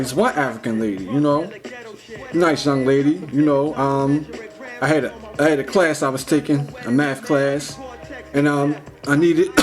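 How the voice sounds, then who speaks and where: A young man talking in a casual, rambling vlog monologue, full of "like" and "you know", slangy and animated. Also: medium pitch. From United States. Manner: rambling, heavy use of "like" and "you know", restarts; slangy, animated when retelling. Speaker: vlogger.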